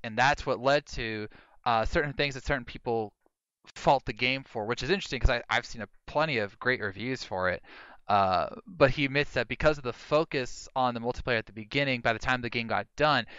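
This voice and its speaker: A man hosting a podcast in casual chat, an animated storyteller who mimics people in high voices. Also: clear, resonant tone, no room sound, muffled recording. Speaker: podcast host.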